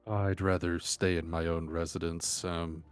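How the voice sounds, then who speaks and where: A man's voice: deep voice, flat delivery, unhurried, clean tone, soft background music. A man playing his character in a tabletop game, stammering and hesitant. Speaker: player. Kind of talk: in-character role-play.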